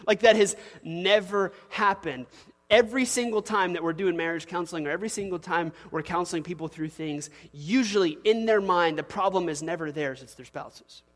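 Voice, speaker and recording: A man in his thirties preaching from the pulpit, his voice sitting a little high for a man. He tells stories with quick laughs and acts out quotes. Long reverb hangs in the sanctuary around him. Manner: animated storytelling with laughs and acted quotes. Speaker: pastor. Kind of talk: sermon. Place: church sanctuary.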